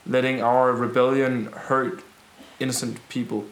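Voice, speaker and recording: A man voicing a male rebel leader who calmly addresses frightened townsfolk in a tabletop game, speaking slowly and deliberately. His words come across clearly. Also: mid-range voice, roomy sound, lightly acted. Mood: earnest, reassuring.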